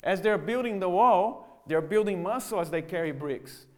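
A man preaching a sermon, who talks in a lively way and acts out the mocking voices of other people. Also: high voice, moderate pace. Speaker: pastor. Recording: church sermon audio.

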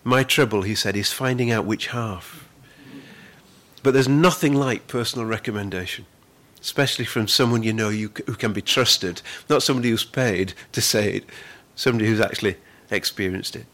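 A man preaching a sermon as pastor, earnest, with frequent repeated words, who slows down to stress the scripture he reads. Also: on the low side, a bit bright.

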